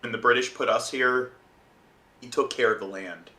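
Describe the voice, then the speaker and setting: An American man hosting a casual stream podcast, trading sardonic deadpan jokes. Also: mid-range voice, normal speed. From United States. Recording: roomy echo.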